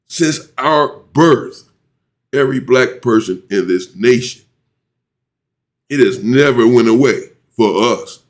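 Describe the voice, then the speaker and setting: A man hosting his own commentary channel, ranting indignantly and jumping to high exclamations.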